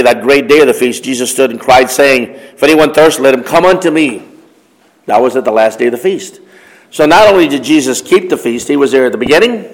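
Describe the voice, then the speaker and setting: A man preaching a Bible study sermon, reading verses aloud and then explaining them in a conversational way, posing questions to the congregation. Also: mid-range voice. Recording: long hall reverb.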